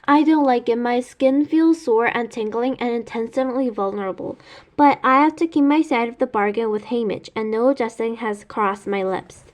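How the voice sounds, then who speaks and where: A woman reads a novel aloud in first person with a steady delivery. She makes small slips and corrects herself as she goes. Her voice sits somewhat high. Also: moderate pace. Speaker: reader.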